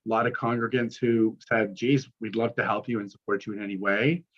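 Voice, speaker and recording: A man's voice: fairly low pitch, flat delivery, brisk. Chatty male minister, slightly muffled. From Canada. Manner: storytelling, chatty with many fillers and restarts. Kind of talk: conversational sermon talk.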